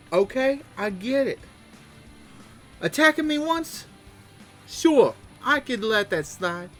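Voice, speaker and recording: A man's voice: extremely high pitch, fairly bright tone, pitched above the performer's own voice, exaggerated voice. A man voicing a brash, confrontational male wrestler who repeats himself with swagger. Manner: repetitive, swaggering, talks down to rival.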